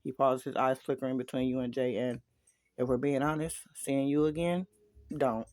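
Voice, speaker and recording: A man's voice: medium pitch, flat delivery, a little fast, a little mellow, no room sound. A man casually reading a fan story aloud, dropping chatty asides to listeners. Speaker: story reader.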